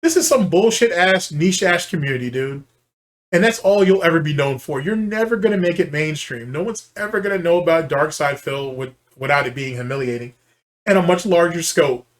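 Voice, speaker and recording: A man's voice: fairly high pitch, animated, fairly quick. A man hosting a commentary channel, ranting in a heated, profane and scornful way while reacting to a clip.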